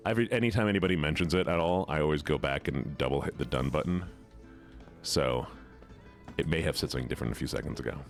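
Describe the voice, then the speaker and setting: A man's voice: rumbling low, animated, fast talker, gravelly, soft background music. A man streaming a game and chatting casually with his viewers in a playful, rambling way, often repeating words. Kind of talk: casual live-stream chat while gaming.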